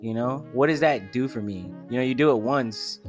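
A man's voice: medium pitch, moderate pace, faint music behind. A young man co-hosting a podcast, ranting bluntly with lots of swearing. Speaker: podcast co-host. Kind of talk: casual chat.

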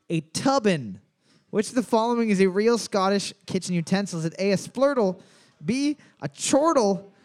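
A young man with a high, bouncy voice runs a trivia night in a bar, calling out questions and scores between crude jokes. His pitch leaps all over as he banters and swears casually. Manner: joking, animated, swears casually.

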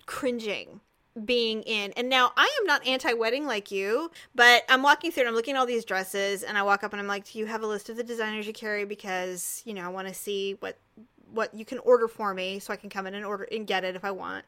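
Bright-voiced woman telling stories. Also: mid-range voice. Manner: animated storyteller, quick to laugh. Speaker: podcast co-host. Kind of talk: casual chat.

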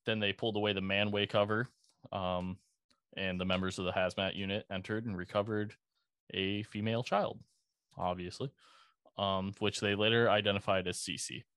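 A man's voice: on the low side, fairly even intonation, normal speed, a bit bright, clear, resonant tone, dry recording. A man hosting a podcast, casually narrating a case with frequent swearing and dry sarcasm. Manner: conversational, sprinkled with profanity and dry sarcasm. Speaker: podcast host. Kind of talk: casual true-crime narration.

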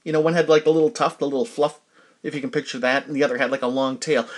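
Speaking very fast with a flat delivery and medium pitch, this middle-aged New Hampshire man hosts a casual solo podcast. His talk is rambling and chatty, and he keeps breaking off with fillers to restart sentences.

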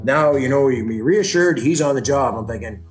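A man's voice: mid-range voice, a little fast, echoey room, soft background music. A man bluntly retelling events in an interview, swearing and acting out the dialogue he quotes. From Ontario, Canada. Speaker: brother of a missing woman, interviewee. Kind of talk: storytelling interview.

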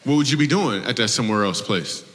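A man's voice: medium pitch, lively intonation, quick pace, fairly bright tone. A man doing live stand-up comedy, teasing audience members and laughing between jokes. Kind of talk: live stand-up crowd work. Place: live show venue. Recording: reverberant live venue with faint ambience.

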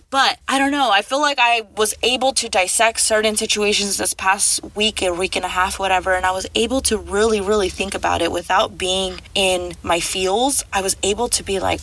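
A woman's voice: medium pitch, brisk, few pauses, sharp tone, rough recording. A woman talking through her feelings in a rambling, reflective monologue, full of fillers. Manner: rambling, reflective, frequent "like" and "you know". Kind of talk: casual personal monologue.

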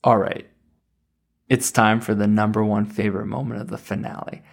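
A man's voice: lowish voice, little pitch movement, normal speed, creaky. A man in his thirties talking casually as a reviewer. He speaks eagerly and rambles, with frequent fillers and restarts. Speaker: series reviewer. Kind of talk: casual chat.

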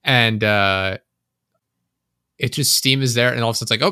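A man on a casual podcast rants about everyday annoyances and swears freely. He acts out his own exasperated inner voice as he goes. His bright, forward voice sits dry and close on the mic. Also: mid-range voice, moderate pace, pauses often, clean tone, dry recording. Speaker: podcast co-host. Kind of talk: casual chat.

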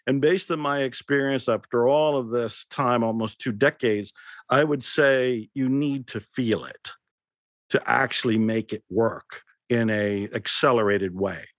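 A man speaking as an interview guest, earnest and reflective, often slipping into quoted dialogue as he explains. His voice sits at an ordinary pitch for a man. It is recorded dry and close, with no room echo. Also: unhurried. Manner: earnest, storytelling with acted-out quotes. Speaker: author and teacher, interview guest.

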